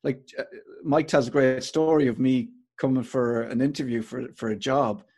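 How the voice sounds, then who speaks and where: Middle-aged irish guy, husky voice, rambly storyteller with lots of restarts, chatty interview. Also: mid-range voice, fairly even intonation, normal speed, a little mellow. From Ireland. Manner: rambling, anecdotal, with many restarts. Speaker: podcaster and performer.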